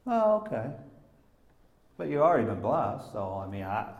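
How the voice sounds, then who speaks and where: A man teaching an informal sermon from a personal story, animated and halting, swinging between loud emphasis and hushed speech. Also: medium pitch, echoey room, highs cut off. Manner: halting, restarts sentences. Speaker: Bible teacher.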